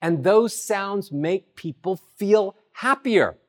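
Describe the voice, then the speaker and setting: Animated man coaching voice, lively pitch. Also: slow pace. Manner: animated, swoops high and low to demonstrate. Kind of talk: spoken voice lesson.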